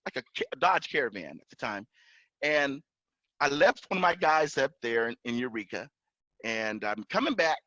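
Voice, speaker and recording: A man tells a long story on a podcast, his voice bright and forceful and swinging widely in pitch. He acts out the other people in the story, getting loud when he quotes them. The sound is dry and a little dull, like a lo-fi podcast recording. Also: normal speed, dry recording. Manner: animated, acts out officers' lines in raised voice. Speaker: podcast guest, pilot and entrepreneur. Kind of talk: casual storytelling.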